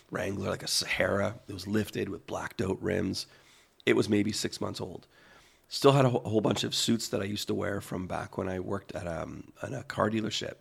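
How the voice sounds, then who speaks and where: A man in his forties co-hosting a podcast, telling a personal story slowly, with pauses and repeated phrases. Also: lowish voice, gravelly, breathy edge. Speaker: podcast co-host. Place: podcast studio.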